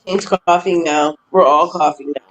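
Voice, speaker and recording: A woman chatting casually with friends, blunt and quick to laugh. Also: low voice, fairly even intonation, lo-fi sound. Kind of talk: casual group chat.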